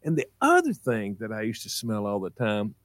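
A man's voice: moderate pace, no echo. Guy on the radio telling a story, voice bouncing all over, dry close mic. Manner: animated, acts out his mom in a high voice. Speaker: radio show regular. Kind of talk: casual storytelling on morning radio.

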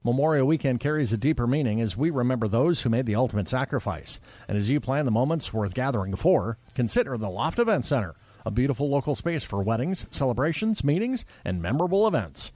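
A man reading a radio ad in a measured, earnest way. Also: mid-range voice, expressive, darkish tone, no echo. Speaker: ad announcer. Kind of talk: calm radio ad read.

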